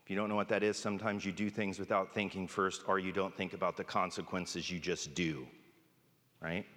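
A man preaches conversationally, frequently checking in with "right?", his deep, fairly bright voice flat and brisk. The long reverb of a large hall surrounds him.

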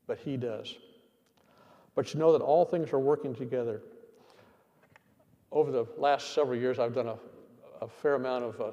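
A middle-aged man preaching a sermon as pastor, emphatic, repeating key phrases and slowing down to stress them. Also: medium pitch, mellow. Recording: long hall reverb.

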